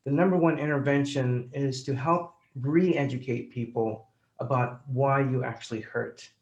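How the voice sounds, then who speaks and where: Halting man on dull lo-fi audio. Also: mid-range voice, steady tone. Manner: halting, many fillers and restarts. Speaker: pain psychologist. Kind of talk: conversational explanation.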